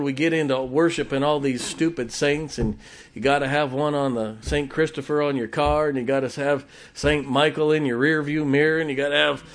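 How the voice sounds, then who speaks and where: A man preaching a sermon in a folksy, joking way, with sudden shouted exclamations. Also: mid-range voice. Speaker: pastor.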